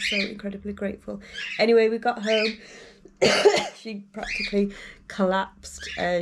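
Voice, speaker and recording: A woman's voice: fairly low pitch, creaky, noisy background. A young woman telling a long story to camera in a rambling, casual way, full of fillers. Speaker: vlogger.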